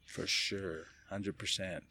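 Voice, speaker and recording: Animated laughing man telling stories. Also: deep voice, slow. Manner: animated, laughing storyteller who swears casually. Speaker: podcast guest. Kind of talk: casual podcast conversation. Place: indoors, casual setting with a beer.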